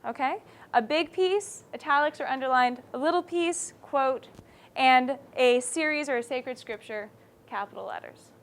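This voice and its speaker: A woman with a high voice teaches a writing class. She explains each rule step by step and keeps stopping to check that her students follow. Her delivery is animated and encouraging. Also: normal speed. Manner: animated, checks understanding often.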